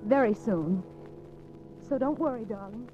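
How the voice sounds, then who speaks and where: A woman's voice: a little high, unhurried, close to an everyday voice. A woman playing a determined young woman who secretly baits a suspected killer, in 1940s radio acting, breathless and stammering. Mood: earnest. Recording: dull lo-fi old radio recording, faint music.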